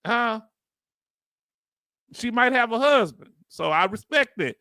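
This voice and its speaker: A middle-aged American man with an extremely high, animated voice speaks slowly, his tone pushed, bright, clear and resonant. He's a YouTube host reacting to a hearing, reading comments in a casual live stream, joking and calling his viewers family. The studio-quality audio has no echo.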